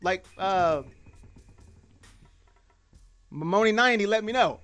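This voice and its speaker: A man hosting a live sports podcast, talking casually and excitably, laughing at his own slip-ups and repeating himself. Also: fairly high pitch, moderate pace, soft background music. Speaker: podcast host.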